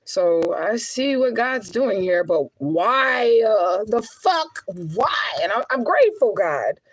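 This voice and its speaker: A woman's voice: fairly high pitch, sing-song, slow, low-quality recording. A middle-aged woman and spiritual medium, talking straight to her viewers in a raw, rambling, profane vlog monologue. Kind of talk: emotional direct-to-camera monologue.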